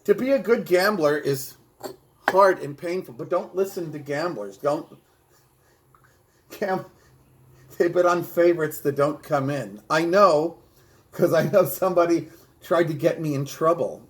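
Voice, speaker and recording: A man running through a stand-up routine, hitting each joke with a punchy catchphrase. His voice sits a little higher than most men's. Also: a little slow, long pauses, rough recording. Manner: punchy delivery, repeats a catchphrase; bilingual. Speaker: stand-up comedian. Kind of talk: rehearsing a stand-up bit.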